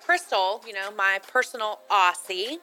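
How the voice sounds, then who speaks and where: A woman co-hosting a casual chat, sharing facts in a relaxed, informative way. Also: medium pitch, moderate pace, soft background music, poor audio. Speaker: co-host.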